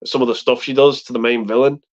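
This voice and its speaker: A man's voice: mid-range voice, steady tone, fast. A man chatting casually about films on a live stream, rambling and swearing, acting out movie lines. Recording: muffled lo-fi stream audio.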